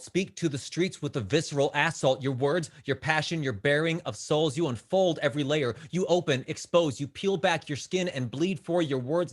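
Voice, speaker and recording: A man at an online open mic, reading a rhythmic, rhyming spoken word poem and chatting nervously over a video call, with some swearing. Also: fairly high pitch. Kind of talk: spoken word poetry and casual chat.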